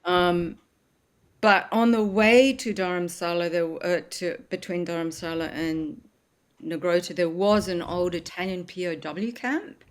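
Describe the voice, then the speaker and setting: Woman, interview guest, casual storytelling, fairly low voice, pauses to search for words. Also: fairly even intonation. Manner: recounting family history, searching for words.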